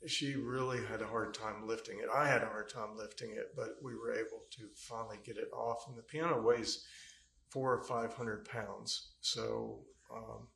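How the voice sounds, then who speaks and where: A man gives witness testimony in a courtroom, recounting events at length in a hesitant, rambling manner full of fillers. His lowish, creaky voice is a bit bright and moves at normal speed, captured by an echoey courtroom mic with slight background noise.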